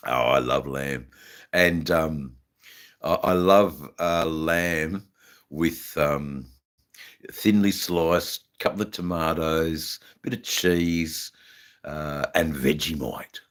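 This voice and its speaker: Australian male streamer, deep and slow, halting laid-back chat full of slang. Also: fairly bright tone. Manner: smoking while talking. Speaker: livestream host. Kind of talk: casual live-stream chat.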